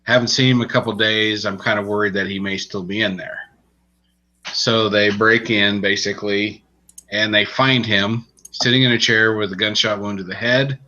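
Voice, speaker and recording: The recording is lo-fi, carrying a man's lowish voice at a moderate pace. In a casual podcast chat he retells a book's story in relaxed, rambling fashion with frequent restarts, as a co-host reviewing books.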